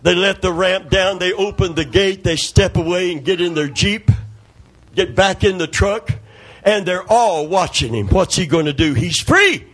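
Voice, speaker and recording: Husky middle-aged preacher guy, kinda high voice, calls for amens and hollers in the middle of a story. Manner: call-and-response preaching, calls for amen, storytelling, sudden shouts. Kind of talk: sermon.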